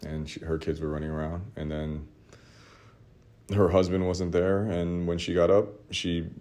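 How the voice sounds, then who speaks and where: A man casually telling a rambling, self-mocking story, with laughs and shouted re-enactments. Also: low-pitched, little pitch movement, measured pace. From Los Angeles area. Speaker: artist telling a story to his audience.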